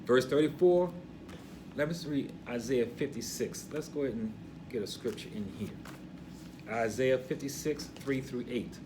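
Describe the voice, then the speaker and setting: An older man with a gray beard teaching a Torah portion, emphatic and preachy, dropping to a hush and then rising loud. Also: medium pitch, normal speed, noisy background.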